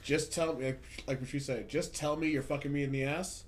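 A Hollywood podcast host with a medium-pitched voice talks a little fast over a faint hiss or hum. In a casual chat, he rants profanely and tells animated stories about his work.

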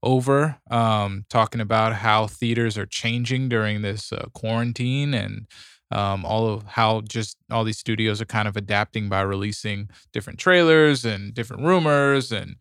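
A man's voice: lowish voice, normal speed, fairly bright tone, smooth, no room sound. A man co-hosting a casual movie podcast in a studio, talking in a laid-back, rambling way. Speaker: podcast co-host. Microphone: studio mic.

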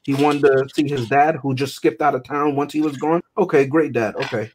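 A man co-hosting a podcast in casual chat, animated and joking with exaggerated outbursts. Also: medium pitch, moderate pace, slight background noise. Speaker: podcast co-host.

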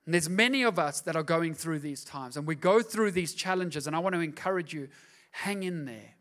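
Male pastor, high voice, emphatic sermon delivery with repeated questions. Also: a little fast, fairly bright tone.

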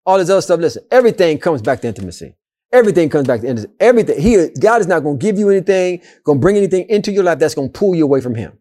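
A man co-hosting a faith talk, retelling Bible stories in a lively, colloquial, preacher-like way and repeating his points. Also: on the high side, very fast. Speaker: co-host and Bible teacher. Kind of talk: animated faith discussion with storytelling.

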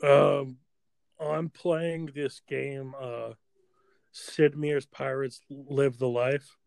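Podcast co-host, man in his twenties, gravelly, dry close mic, laughs through his own riffs. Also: mid-range voice, level tone, drawn-out words, a little mellow, no echo. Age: 20s. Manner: laughs mid-sentence while riffing. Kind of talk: casual banter.

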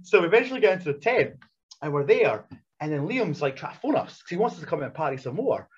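Husky man telling wrestling stories. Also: a little high, quick pace. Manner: animated anecdotes, frequent laughter, blunt swearing. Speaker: professional wrestler, guest. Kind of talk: casual storytelling interview. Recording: dull lo-fi recording.

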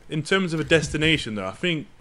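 A young man co-hosting a casual podcast chat, teasing and giggly. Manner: giggly, teasing, bursts into high laughter. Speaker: podcast co-host.

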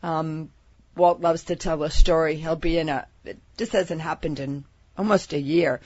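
A woman's voice: low-pitched, steady tone, measured pace, darkish tone, no room sound, lo-fi sound. A woman co-host sharing a personal story in a casual interview chat.

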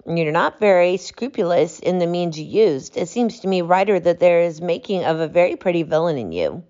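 A woman reading aloud, voicing a calm, stern male detective who speaks with cutting precision. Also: lowish voice, moderate pace, dull audio, natural voice. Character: cool, commanding male detective.

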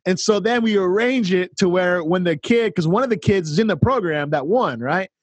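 Excited high-voiced man telling a story. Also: normal speed, dry recording. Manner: excited, animated storyteller acting out dialogue. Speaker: podcast co-host, counselor. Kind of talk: casual chat, storytelling.

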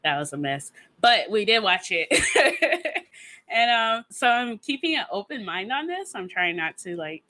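Bright, chatty woman podcast host. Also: a little high, big pitch swings, a little slow. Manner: chatty, self-mocking and giggly. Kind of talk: casual chat.

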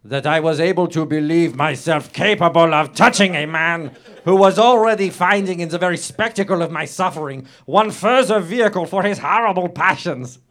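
A man's voice: moderate pace, hardly any pauses, a bit bright, close to an everyday voice. A man voicing a lecherous, pompous French nobleman with a put-on French accent and broken English, reading aloud theatrically. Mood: dramatic reading. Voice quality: broken English, florid and lip-smacking. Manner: reads aloud theatrically, switching to a high pleading voice for the victim. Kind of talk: improvised comedy podcast character.

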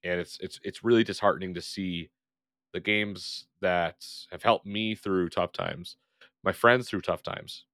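Deep-voiced male podcast co-host, earnest, slows down on serious points, dry close sound. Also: steady tone, fairly bright tone, no echo. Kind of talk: casual chat.

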